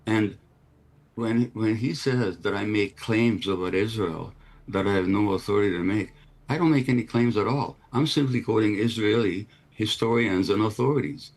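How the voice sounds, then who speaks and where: A man's voice: on the low side, normal speed, darkish tone. A man answering as a television interview guest, pointed and insistent, asking repeated rhetorical questions.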